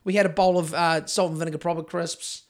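A man's voice: fairly high pitch, steady tone, quick pace. Rambling, swearing New Zealand man. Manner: profane, rambling storyteller. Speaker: podcast co-host. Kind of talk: casual chat.

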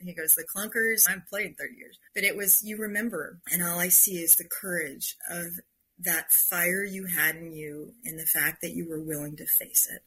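A woman's voice: lowish voice, normal speed, a little hiss or hum, poor audio. A middle-aged woman, a podcast guest, telling an emotional personal story and acting out the dialogue she quotes. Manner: expressive storyteller who acts out quoted dialogue.

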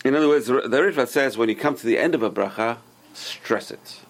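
A man's voice: medium pitch, fairly quick. A man teaching an informal Torah class, explaining Hebrew sources and giving emphatic warnings.

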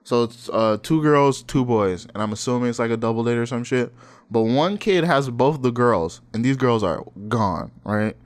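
A man's voice: mid-range voice, animated, normal speed. A man in his twenties chatting casually, telling stories in a laid-back way, swearing freely and laughing often. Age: 20s. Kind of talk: casual chat.

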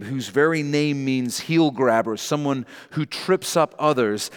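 A male pastor preaching a sermon, reading scripture with animated joking asides and emphatic repetition. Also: medium pitch, big-room sound.

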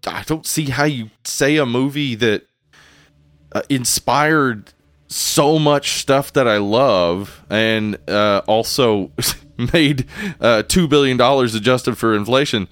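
A young adult man chats on his podcast in a relaxed, rambling way, often stopping to restart his sentences. His voice is smooth and even. The recording is dry and close, with no room sound. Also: medium pitch, slow, no room sound. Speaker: podcast co-host. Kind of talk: casual chat.

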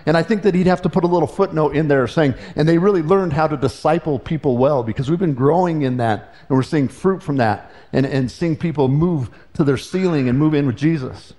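A man delivers a sermon in an earnest, conversational tone, his voice sitting a little high. He often restarts his phrases as he talks them through. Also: brisk, a little mellow. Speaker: pastor.

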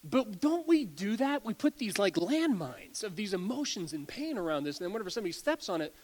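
A man's voice: high voice, big pitch swings, a little fast, a little mellow, a little hiss or hum. A man in his forties preaching a sermon as a pastor, telling stories animatedly, often stumbling over and repeating words and laughing.

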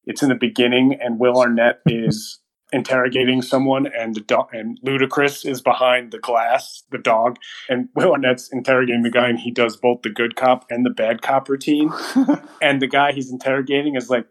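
A young man chats loosely through a movie review on a podcast. He laughs a lot and puts on little voices for quoted lines, and his voice sits at an ordinary middle pitch. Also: normal speed, low-quality recording. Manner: animated storyteller, acts out quotes, laughs often. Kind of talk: casual chat.

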